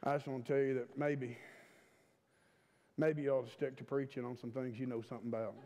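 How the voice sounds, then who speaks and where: A blunt older churchman with a low, flat monotone drawl, as a preacher mimics him. He says whatever is on his mind. The voice rings with the long reverb of a large church. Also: fairly quick, noisy background, close to an everyday voice. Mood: dry blunt. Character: plain-spoken older male church member, blunt monotone.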